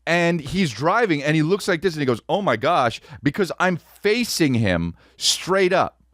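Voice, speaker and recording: A man hosting a podcast, telling a comedic story in an animated, profane way, close to the mic. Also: fairly high pitch, moderate pace, no room sound. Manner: animated, profane, peppered with "dude". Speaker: podcast host.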